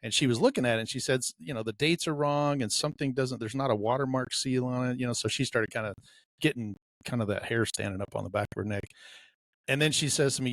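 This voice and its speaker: A man's voice: medium pitch, fast, a bit bright, dry recording. Man telling a story on a podcast, dry sound. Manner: storyteller who acts out quoted dialogue. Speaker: podcast co-host. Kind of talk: casual podcast chat.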